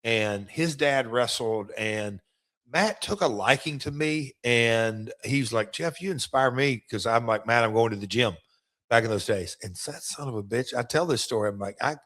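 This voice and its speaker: A man's voice: medium pitch, normal speed, a bit bright. Middle-aged guy co-hosting a podcast, chatty and rambly, keeps restarting lines. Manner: rambling storyteller, restarts sentences. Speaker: co-host and former wrestler. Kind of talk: casual podcast chat.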